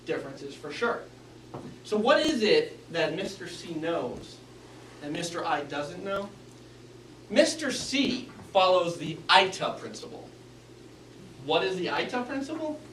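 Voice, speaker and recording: At a Toastmasters club, a man with a high, fairly bright voice delivers a prepared, instructive talk on speaking skills. He speaks a little slowly, leaving long pauses, and his pitch swings widely. Picked up from a distance in an echoey room, the recording carries slight hiss or hum.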